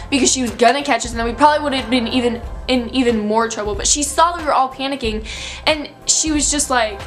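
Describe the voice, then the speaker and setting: A woman's voice: on the high side, fast talker, soft background music. Chatty young woman telling a story. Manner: chatty, filler-heavy, breathless retelling. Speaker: vlogger. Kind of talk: storytime vlog.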